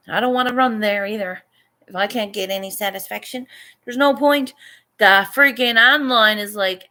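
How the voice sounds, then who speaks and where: A woman's voice: mid-range voice, normal speed, bright, forceful tone. A Canadian woman artist vlogging casually, venting and swearing freely as she chats about her day. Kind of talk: casual chat.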